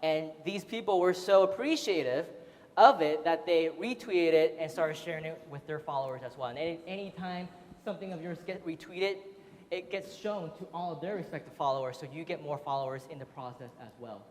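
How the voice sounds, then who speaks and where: A man's voice: on the high side, fairly quick, darkish tone, a little hiss or hum. A man giving a casual, chatty seminar talk to an audience, laughing often and full of fillers. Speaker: seminar speaker. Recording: roomy hall reverb.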